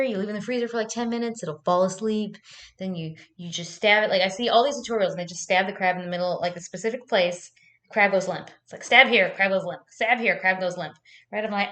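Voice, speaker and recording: A woman's voice: mid-range voice, brisk, fairly bright tone. Profane, rambling woman vlogger. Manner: rambling, profane storytelling with frequent likes. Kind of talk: casual chat to camera.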